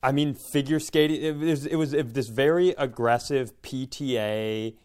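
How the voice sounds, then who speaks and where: A man's voice: mid-range voice, measured pace, a little mellow, clean tone. A man co-hosting a podcast, telling a long anecdote in casual chat and slipping into quoted voices. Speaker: comedian podcast co-host.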